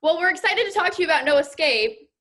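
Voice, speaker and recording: Female interview host, high bright voice, encouraging and quick to react. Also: expressive. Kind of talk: casual interview.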